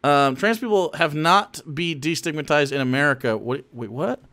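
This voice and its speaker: A man streaming live, commenting on political clips in profane, animated rants that keep cutting in. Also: on the high side, normal speed.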